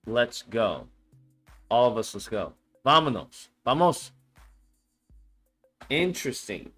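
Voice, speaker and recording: A man's voice: medium pitch, very animated, slow, pauses often, fairly bright tone, breathy edge, faint music behind. A young man on a casual live stream, thinking aloud with frequent cursing and reading answers off a screen.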